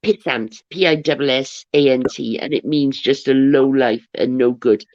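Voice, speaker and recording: A woman's voice: rumbling low, moderate pace, a little mellow. A woman hosting a livestream, rambling chattily through viewer comments with frequent restarts. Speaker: livestream host. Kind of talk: casual chat, reading viewer comments aloud. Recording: dull, dry, lo-fi audio.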